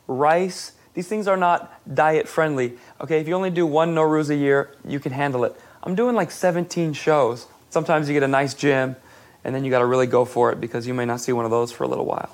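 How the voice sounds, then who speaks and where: Wry comedian host, slightly high voice. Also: male voice, steady tone, a little fast. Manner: wry, joking. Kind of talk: comedic commentary.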